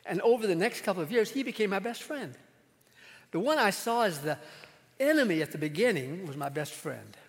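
A male pastor telling a personal story in a sermon, conversational, with pauses and quiet asides. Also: sits high, lively intonation, long reverb tail.

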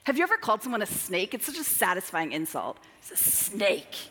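A woman preaching a sermon, dramatic, moving between emphatic lines and hushed asides. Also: mid-range voice, huge pitch swings, fast, a little hiss or hum. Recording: long hall reverb.

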